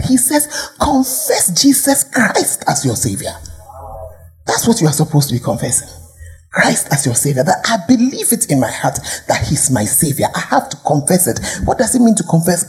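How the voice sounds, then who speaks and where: A Ghanaian woman pastor delivering a lively sermon with a lowish voice that swoops up and down. She fires questions at the congregation and sometimes sinks to a whisper. Soft music plays faintly behind her. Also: fairly quick. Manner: animated preaching, rhetorical questions, dropping to whispers.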